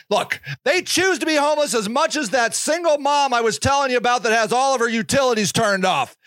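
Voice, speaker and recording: A man's voice: very high voice, a little fast, hardly any pauses, fairly bright tone, dry recording. A man hosting a podcast, delivering a passionate, sarcastic and indignant monologue. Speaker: podcast host. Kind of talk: ranting monologue.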